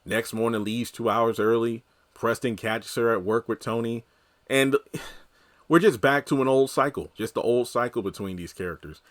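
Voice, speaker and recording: A man's voice: mid-range voice, moderate pace. Rambling man in casual commentary. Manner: conversational, rambling, heavy on fillers. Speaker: TV recap commentator.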